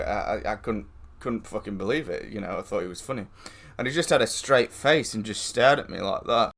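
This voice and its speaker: Lowish-voiced man telling a swearing anecdote. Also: fairly quick. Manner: swearing, laughing, animated anecdote with quoted voices. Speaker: streamer. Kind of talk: casual storytelling.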